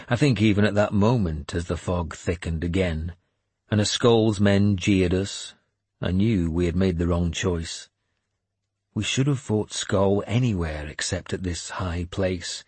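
A man reading a first-person story aloud as an audiobook narrator, in a measured, grave storytelling manner. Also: sits low, a little mellow, husky, dry recording.

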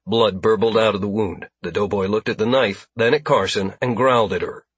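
A man narrating an action story as an audiobook reader, in steady, even storytelling. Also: fairly low pitch, a little fast, slightly rough, no echo. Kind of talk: scripted narration.

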